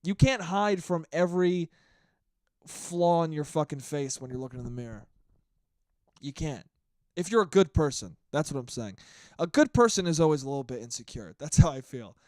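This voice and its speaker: A man's voice: on the high side, moderate pace, no echo, clean studio sound. A man in his twenties hosting his own podcast alone, ranting in a casual, profane, rambling way. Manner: animated, profane, rambling rant. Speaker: podcast host. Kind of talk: casual solo podcast monologue.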